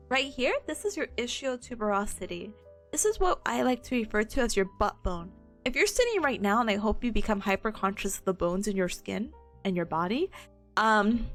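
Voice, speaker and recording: Giggly high-voiced young woman streamer. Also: fairly bright tone. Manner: giggly, bubbly, laughs often between lines; chatty, greets viewers, acts out patients. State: sore voice, occasional coughing. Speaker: study streamer. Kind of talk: casual study stream chat and review.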